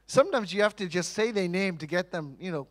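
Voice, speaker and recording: A man preaching a sermon in church, animated, asking rhetorical questions and acting out quotes. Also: high voice, a little fast.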